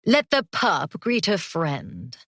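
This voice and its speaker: Woman putting on a snooty British dog-head gentleman. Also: on the low side, very animated, slow, dry recording, studio quality, full character voice. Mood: haughty. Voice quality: snooty, nose in the air.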